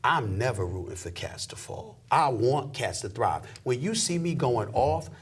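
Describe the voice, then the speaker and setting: Impassioned husky-voiced man. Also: mid-range voice, lively intonation, a little slow. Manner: impassioned, preachy, emphatic. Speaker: sports commentator guest. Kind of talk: emphatic conversational rant.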